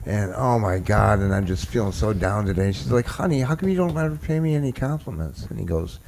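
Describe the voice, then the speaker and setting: A low-voiced man tells a joke with a lively, swinging pitch. A faint hiss sits under his voice. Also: fairly quick, creaky. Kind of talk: casual chat, telling a joke.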